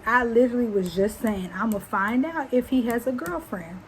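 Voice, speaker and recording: A young woman, telling a casual storytime and acting out what people said in high voices. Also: normal speed, few pauses, a little hiss or hum, rough recording. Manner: animated, acts out quotes in high voices. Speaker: vlogger.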